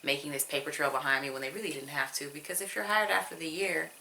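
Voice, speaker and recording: A woman's voice: low voice, steady tone, fast talker, creaky, pushed and bright, a little hiss or hum, low-quality recording. A woman vlogger telling a personal story to her viewers in a casual, rambling way. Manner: rambling, with fillers and rising emphasis.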